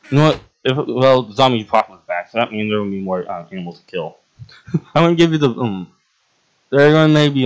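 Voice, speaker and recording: A young man talks his way through a game role-play, giggling often and rambling with plenty of ums. His pitch swings widely and lively from line to line, while his middle range stays typical for a man. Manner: giggly, rambling, voices many characters. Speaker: game roleplay host. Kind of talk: casual roleplay gameplay chat.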